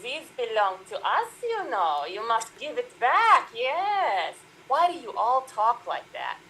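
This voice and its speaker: A woman acts out a rapid improvised movie remake on a livestream, playing every part herself. Her voice sits high and bright. She jumps from one character to the next without pause. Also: huge pitch swings, slight background noise, poor audio. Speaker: improv performer. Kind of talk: improvised comedy scene. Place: small stream studio.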